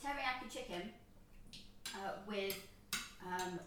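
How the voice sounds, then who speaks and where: A young woman in a casual family chat, teasing and quick to poke fun. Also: mid-range voice, background noise. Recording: roomy, distant mic, faint clatter.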